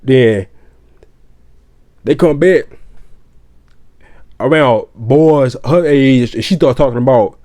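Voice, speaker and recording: A man giving casual reaction commentary, animated and rambling, repeating himself and swearing freely. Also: medium pitch, takes it slowly, long pauses.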